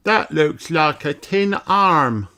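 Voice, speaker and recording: A man voicing a cheerful young boy elf in a storybook reading, slow and loud. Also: on the high side, animated, pitched above the performer's own voice. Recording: noisy home recording.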